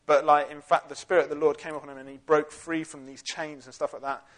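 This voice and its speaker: A man's voice: on the high side, flat delivery, quick pace, a bit bright. Chatty young man teaching. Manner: chatty, jokey, with lots of fillers. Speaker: youth Bible teacher. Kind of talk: casual Bible talk.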